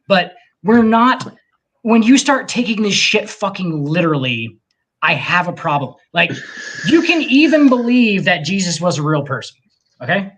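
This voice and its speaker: A man co-hosting a casual podcast, ranting with lots of profanity and animated emphasis. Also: high-pitched, moderate pace. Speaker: podcast co-host.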